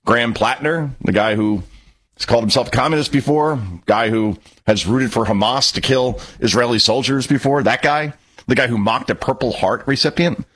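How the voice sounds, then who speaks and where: A man's voice: fairly bright tone, husky. A man hosting a talk radio show, delivering a sarcastic, opinionated monologue. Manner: sarcastic, emphatic, swoops pitch for mockery.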